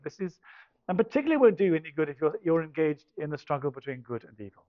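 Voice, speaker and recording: A man's voice: a little high, big pitch swings, fast, no echo. An older man tells a personal story, hesitant and self-deprecating, with frequent restarts and dry humour. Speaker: speaker giving a personal testimony. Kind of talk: storytelling talk. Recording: dull dry recording.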